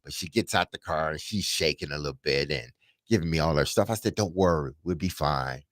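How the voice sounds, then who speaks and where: A man's voice: extremely low pitch, fast, no room sound, studio quality. A middle-aged man, a radio host telling a story casually and dramatically, laughing as he goes. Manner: animated, laughing, dramatic retelling.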